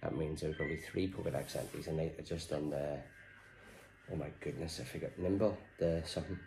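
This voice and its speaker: A man's voice: very deep voice, fairly quick, gravelly, warm tone, low-quality recording. A man giving casual, chatty gameplay commentary, stumbling over names and grumbling in mock exasperation. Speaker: game vlogger.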